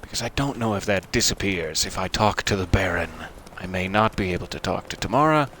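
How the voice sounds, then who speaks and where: A man's voice: sits low, brisk, bright, forceful tone, a little hiss or hum. A man giving casual, chatty commentary while playing a video game, thinking aloud and joking at himself. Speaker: let's play gamer.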